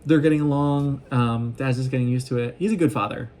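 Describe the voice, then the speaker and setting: A man casually recapping a show in an excitable, rambling way, often acting out what the characters say. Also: medium pitch, brisk. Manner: excitable, gushing, acts out quoted lines. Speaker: vlogger recapping an anime.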